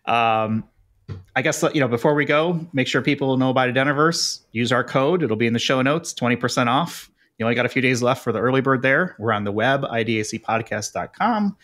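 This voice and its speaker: A man hosting a podcast, joking with his guest in a relaxed way and reading show promos. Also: mid-range voice, a little fast. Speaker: podcast host. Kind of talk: casual podcast chat.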